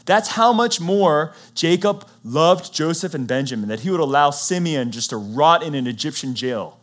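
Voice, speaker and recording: A man preaching, retelling a Bible story in a conversational, animated way and acting out what the characters say. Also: on the high side, normal speed. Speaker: pastor.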